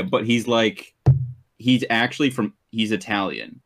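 A man's voice: lowish voice, steady tone, measured pace, fairly bright tone, soft background music. A man in casual chat who is blunt and swears as he complains.

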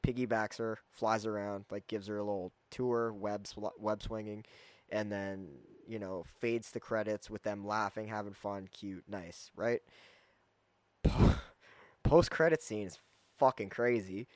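A man giving a casual, rambling movie review, full of fillers and quick acted-out quotes. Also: on the low side, fairly even intonation, darkish tone, dry recording. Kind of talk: casual spoken film review.

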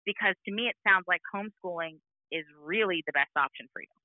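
A woman's voice: on the low side, fast talker, dry recording. A woman with a Valley girl way of talking, chatting casually as a parent and mimicking voices as she tells stories. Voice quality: Valley girl speech style. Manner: animated storytelling, mimics voices. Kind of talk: casual chat. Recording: tinny phone line.

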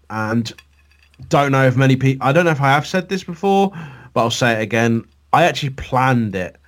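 A young man, chatting casually about a fan wrestling league, swearing and laughing as he reminisces. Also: mid-range voice. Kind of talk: casual chat.

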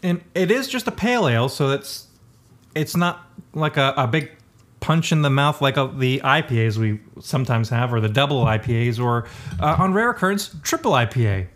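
A man's voice: medium pitch, lively intonation, moderate pace, fairly bright tone. A man co-hosting a podcast in casual chat, joking and rambling, often laughing. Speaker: podcast co-host.

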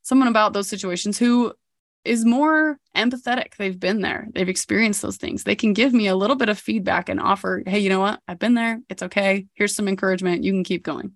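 A woman's voice: mid-range voice, brisk, no room sound, clean studio sound. A woman in her thirties hosting a podcast, telling a personal story in a candid, reflective way. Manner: candid and reflective, with occasional laughs. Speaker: podcast host.

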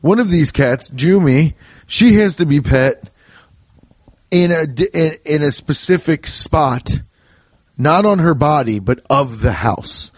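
A young man rambles through his solo podcast with loose, profane humor and quick quoted voices. His pitch leaps and dips expressively as he goes. The sound is close and dry, with no room around it. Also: expressive, dry recording. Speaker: podcast host. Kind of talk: casual rambling monologue.

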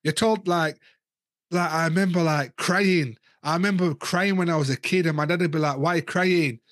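A man's voice: on the high side, moderate pace, fairly bright tone, no echo, clean studio sound. A man in his thirties or forties, a guest in casual candid chat, talking frankly and rambling, often repeating words as he thinks.

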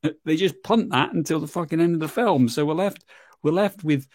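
Halting man talking through a film. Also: fairly high pitch, darkish tone, no echo. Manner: halting, restarts often, laughs along. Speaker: podcast co-host. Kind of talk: casual film-review chat.

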